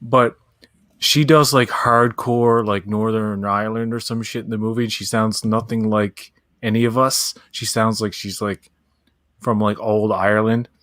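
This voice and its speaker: A man's voice: lowish voice, fairly even intonation, measured pace, fairly bright tone, no echo. A man, blunt and sweary, co-hosting a casual late-night chat show. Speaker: podcast co-host.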